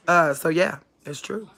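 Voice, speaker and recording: A woman, talking casually and animatedly on a live stream, laughing often and rising into high outbursts. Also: a bit bright. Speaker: livestream host.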